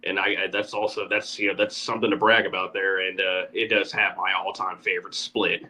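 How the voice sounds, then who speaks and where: Man, low pitch, bright forceful tone, hesitant, casual podcast host. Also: flat delivery, fairly quick, low-quality recording. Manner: hesitant, repeats his words. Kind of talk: casual chat.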